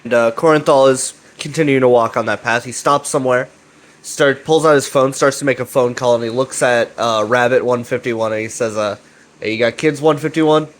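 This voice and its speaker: A man's voice: mid-range voice, fairly even intonation, brisk, a bit bright, rough recording. A man recapping a web series in a casual rambling way, swearing often and leaning on fillers like "you know" and "right". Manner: profane, filler-heavy, chummy.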